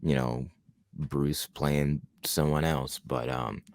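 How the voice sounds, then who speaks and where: Super deep voiced guy rambling about a horror movie, dry close sound, lots of restarts. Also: steady tone, takes it slowly, a little mellow, no room sound. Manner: rambling, many restarts, enthusiastic. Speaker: podcast co-host. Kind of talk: casual film review chat.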